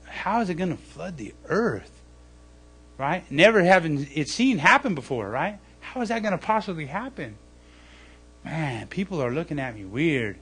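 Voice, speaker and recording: A man's voice: on the high side, big pitch swings, normal speed, breathy edge. A man preaching a sermon in a conversational way, often checking in with "okay?" and "right?" and acting out mocking voices. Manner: acts out mocking voices loudly. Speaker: pastor. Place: church service.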